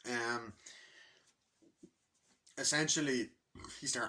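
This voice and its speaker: A man's voice: lowish voice, animated, unhurried, pauses often, bright, forceful tone. A man giving a casual spoken movie review, rambling and enthusiastic, and swearing often.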